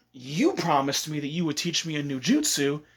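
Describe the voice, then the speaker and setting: A man's voice: fairly high pitch, big pitch swings, unhurried, vocal fry, slightly rough, exaggerated voice. A man voicing a brash, teasing little boy ninja.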